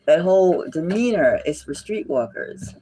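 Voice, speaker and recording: Indignant tarot reader with a lively voice. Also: mid-range voice, moderate pace, husky. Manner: indignant, repetitive, drifting into whispers. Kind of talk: casual tarot reading with gossip.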